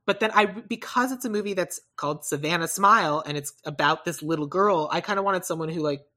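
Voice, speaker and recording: A woman co-hosting a casual podcast, talking through casting picks in a rambling, self-correcting way with animated asides. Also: lowish voice, brisk. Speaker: podcast co-host. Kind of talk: casual chat about movie casting.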